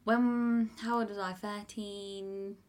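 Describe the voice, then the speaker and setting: Speaking slowly in a medium-pitched, level, slightly mellow voice, this young woman co-hosts a relaxed podcast. Chatty and self-deprecating, she shares personal stories and laughs frequently.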